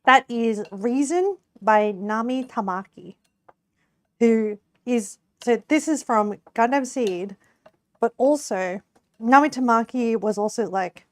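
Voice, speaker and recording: A woman's voice: on the high side, expressive, takes it slowly, no echo. Giggly young woman streamer, dry sound. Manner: chatty, giggly, laughs often, many fillers. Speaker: live streamer. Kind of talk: casual live-stream chat while cooking.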